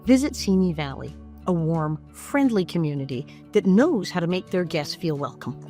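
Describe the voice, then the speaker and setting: A woman reading a scripted sponsor ad, her voice low-pitched but lively in its rise and fall. Faint music plays beneath her smooth, promotional delivery. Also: normal speed. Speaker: sponsor announcer. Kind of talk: scripted ad read.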